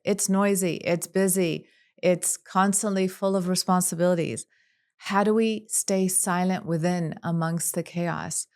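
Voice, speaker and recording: A woman psychologist talks as a podcast guest in a calm, measured way, walking through long lists of examples. Her voice sits a little low and sounds smooth and clear. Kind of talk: podcast interview.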